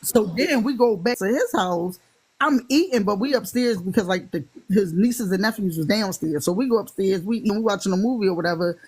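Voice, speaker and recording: A woman's voice: fairly quick, slightly rough. A woman with a Philadelphia accent, animatedly telling a funny dating story in casual chat and acting out the quotes. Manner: animated, acts out quotes in higher voices.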